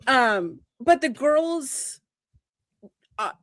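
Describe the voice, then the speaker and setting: A woman co-hosting a casual podcast, retelling events with animated flair and acting out quoted lines. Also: sits high, extremely slow, dry recording. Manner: animated storytelling, acts out quoted lines, swears when worked up. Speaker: podcast co-host.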